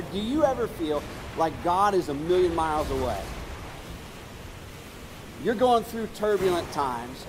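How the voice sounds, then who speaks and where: A man preaching a sermon, moving between urgent, raised passages and hushed, quiet ones. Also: high voice, long reverb tail, background noise. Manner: dynamic, swings from urgent to hushed. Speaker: pastor.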